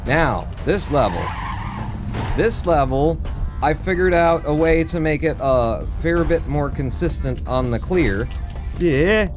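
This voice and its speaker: An excitable man commentates his own speedrun live, explaining each move as he plays. His pitch leaps high when a jump lands, then drops back to a low mutter. Faint game music plays behind him. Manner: excitable, talks fast with sudden jumps in pitch. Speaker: speedrunner streamer.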